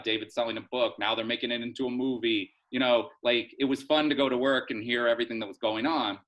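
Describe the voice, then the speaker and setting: A man's voice: medium pitch, fairly bright tone, poor audio. A middle-aged man, a soap opera writer, chatting through a rambling story in a casual interview, full of fillers and restarts.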